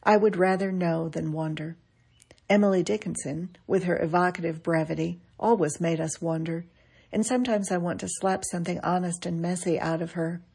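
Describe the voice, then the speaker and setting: A middle-aged woman reading a reflective essay aloud in a wry, measured way. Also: fairly low pitch, fairly even intonation, creaky, darkish tone, slightly rough. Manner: wry, measured, quoting others with dry emphasis. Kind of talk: scripted reflective narration.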